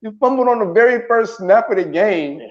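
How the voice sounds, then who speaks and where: A man with a somewhat high voice talks sports in a loose, rambling way, breaking into laughs and restarting his sentences. The sound is muffled and lo-fi, like a home stream. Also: animated, a little fast. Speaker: morning show co-host. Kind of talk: casual sports talk.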